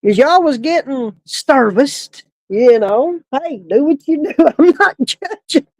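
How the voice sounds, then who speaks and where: A woman with a high voice tells a story from her work at a funeral home in a casual way. She keeps breaking into laughter as she goes. The sound is close and dry, with no room around it. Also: animated, slow, no room sound, poor audio. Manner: laughing often while telling the story.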